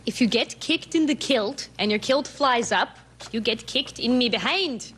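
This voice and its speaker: A woman's voice: fairly high pitch, lively intonation, a little slow, noisy background. A woman on a game show panel, playful and self-mocking. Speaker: celebrity panelist.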